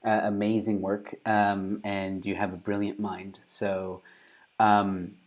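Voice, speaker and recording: A man's voice: on the low side, monotone, slow. Male host, upbeat sign-off, lots of ums. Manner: upbeat, filler-heavy presenter talk. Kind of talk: interview wrap-up and sign-off.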